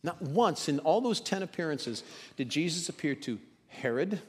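A man preaching a sermon, moving between loud emphasis and hushed, dramatic quotes. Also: fairly high pitch, animated, normal speed, breathy edge, long reverb tail.

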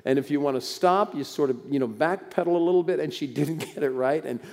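A man's voice: a little high, brisk, vocal fry, a little mellow. An older man preaching a sermon in a conversational, folksy way with bursts of emphasis. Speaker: pastor. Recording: long hall reverb.

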